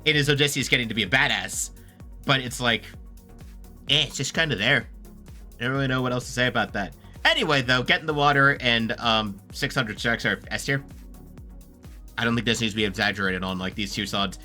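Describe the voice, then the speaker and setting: Bright-voiced young man rambling casually. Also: medium pitch, fairly quick, faint music behind. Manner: chatty, full of filler words and swearing. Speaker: YouTuber ranking songs.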